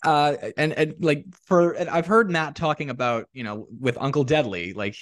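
A man's voice: on the high side, moderate pace, dry recording, studio quality. A man hosting a casual interview, asking long, winding questions full of fillers. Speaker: podcast host.

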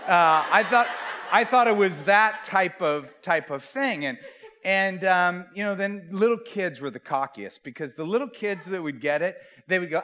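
A middle-aged male pastor speaks to a room of youth leaders with a fairly high, bright-edged voice. He tells stories with comic timing, mocks himself and slips into the voices of the people in them. His delivery is animated and conversational rather than preached. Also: moderate pace, a little hiss or hum. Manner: animated storyteller, acts out quoted voices, self-mocking. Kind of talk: humorous conference talk. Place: large conference hall.

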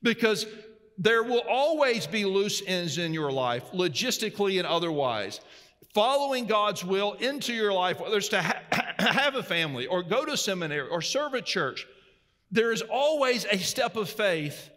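A man's voice: high-pitched, very animated, moderate pace. Guy preaching a sermon, earnest, big echoey hall. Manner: emphatic preaching that drops to quiet storytelling. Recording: long hall reverb.

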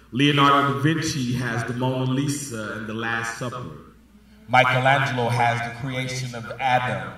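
A man preaching in a church sanctuary, heard from a distance with heavy echo off the walls. He leads his congregation in call-and-response, swinging between soft, low lines and shouted peaks, while faint music plays underneath. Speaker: pastor. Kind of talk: sermon.

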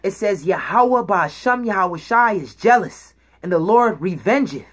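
Woman, bible teacher, emphatic preaching, reads verses aloud, asks "okay?" often, average pitch. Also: animated, unhurried, slightly rough. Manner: emphatic, checks in with "okay?" and "all right?"; reads scripture aloud and explains words.

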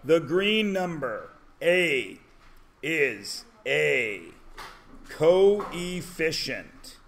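A man teaching a high school math class, joking as he lectures. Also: bright, forceful tone, slight background noise. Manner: joking, drawn-out teacherly questions.

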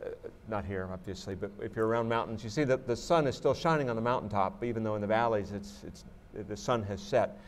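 A man's voice: on the low side, fast, hardly any pauses, slight background noise. A man, an astronaut guest, answering audience questions in a reflective way, often restarting his sentences. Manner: reflective, with many restarts and "you know". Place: museum auditorium.

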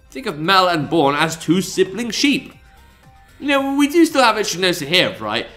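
A man's voice: medium pitch, sharp tone. A man hosting a visual novel let's play, reading lines aloud and joking between them with frequent laughs. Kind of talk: casual let's play commentary with read-aloud voices. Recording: game music behind the voice.

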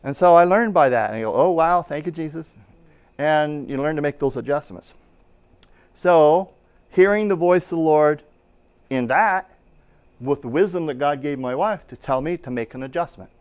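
This middle-aged pastor, teaching at a Bible school, has a voice on the high side with a darkish, clear, resonant tone, delivered at normal speed. He preaches conversationally, acting out small anecdotes along the way.

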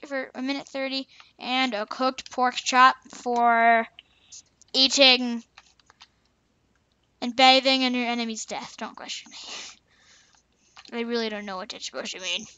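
Young female gamer, high bright voice, playful chatter, dry lo-fi home mic. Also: smooth, dry recording. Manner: playful, chatty, repeats taunts at other players. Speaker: gaming channel host. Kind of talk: casual gameplay commentary.

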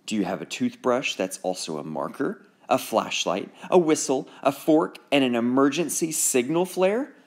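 Man doing a friendly dentist voice, coaxing, bit higher than normal, storybook. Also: lively intonation, normal speed, hardly any pauses. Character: kind, friendly adult male dentist.

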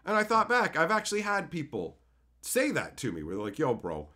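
A man's voice: sits high, huge pitch swings, brisk, bright, forceful tone. A man with a Canadian accent ranting on a live stream, profane and heated as he talks to his viewers.

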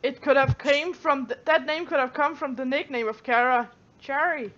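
A woman's voice: sits high, moderate pace, a bit bright, lo-fi sound, slight background noise. A woman gamer in casual chat, swearing casually and acting mock-annoyed.

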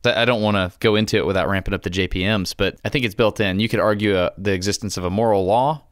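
A man's voice: lowish voice, steady tone, quick pace, no room sound. A man co-hosting a podcast who talks in an earnest casual chat full of hesitant restarts, into a close microphone. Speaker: podcast co-host.

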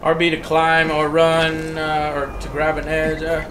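A man hosting a gaming video, giving casual gameplay commentary that swings into excited, profane shouting. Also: on the high side, a little slow, slight background noise.

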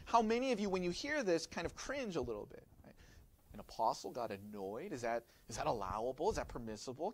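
A man's voice: sits high, no room sound. A man preaching a sermon as pastor, explaining in a teaching manner and often turning to the listeners with rhetorical questions.

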